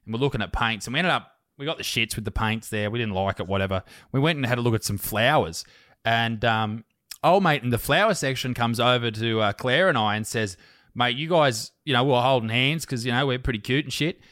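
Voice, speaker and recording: Australian man, podcast host, swears a lot, dry close sound, mid pitch. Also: a little fast, no echo. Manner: swearing, animated storytelling. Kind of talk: casual chat.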